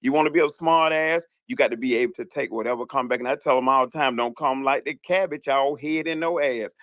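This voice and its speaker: A man's voice: mid-range voice, fairly quick, a bit bright, no echo. A man with a Southern US accent calling into an online audio room, talking bluntly and emphatically with plenty of profanity. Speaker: caller. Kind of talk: casual call-in chat.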